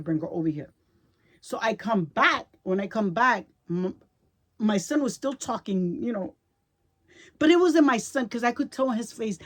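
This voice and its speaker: A middle-aged woman talks straight to her viewers in a casual storytelling vlog. She is emotional and chatty, circling back and repeating words as she goes. Her voice sits at an ordinary middle pitch. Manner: emotional, chatty, repeats herself, checks in with "right?". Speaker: vlogger.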